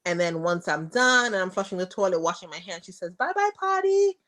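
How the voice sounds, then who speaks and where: A fast-talking woman with a sharp tone speaks frankly on a podcast about motherhood with a toddler. Telling stories in a casual interview, she performs her conversations with her daughter in a high, raised voice.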